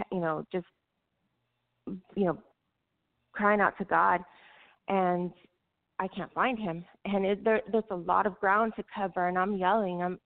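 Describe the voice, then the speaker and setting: A middle-aged woman with a drawl recounts a personal story in a halting way, circling back with "you know" and restarting her sentences. Her voice sits at an ordinary middle pitch for a woman. It comes through thin and tinny, like a phone line. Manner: halting, many fillers and restarts.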